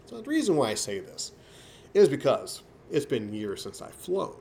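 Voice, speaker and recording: A man vlogging a rambling, casual story, his delivery swinging from mumbled asides to sudden loud jumps. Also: mid-range voice, wildly swooping pitch, normal speed, a little hiss or hum.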